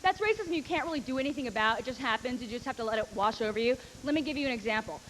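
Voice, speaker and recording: A woman's voice: on the high side, lively intonation, racing, fairly bright tone, big-room sound, slight background noise, rough recording. A woman doing a stand-up comedy routine, telling brash, profane, rambling stories and acting out other people's voices. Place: comedy stage before a live audience.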